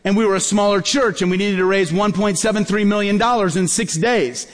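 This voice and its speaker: A man's voice: high-pitched, fairly quick. A man preaching a sermon as a pastor, telling stories and acting out the dialogue in them. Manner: animated, acts out dialogue in his stories. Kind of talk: sermon storytelling. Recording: long hall reverb.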